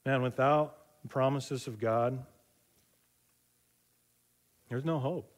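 A middle-aged man delivering a sermon in a relaxed, conversational way. His voice sits at an ordinary middle pitch, and he leans on fillers and restarts as he tells stories. He slips into other people's voices to act out the dialogue. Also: slow. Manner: acts out quoted voices in dialogue. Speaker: pastor.

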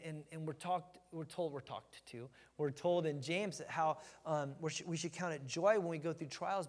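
A man's voice: on the high side, big-room sound. A man preaching a casual, folksy sermon, joking with the room and often restarting his sentences. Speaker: pastor. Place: church sanctuary.

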